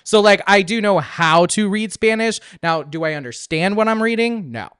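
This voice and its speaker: A man's voice: high voice, lively intonation, moderate pace, fairly bright tone, smooth, no echo, studio quality. A young man co-hosting a podcast in casual chat, saying "like" a lot. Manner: chatty, lots of "like". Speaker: podcast co-host.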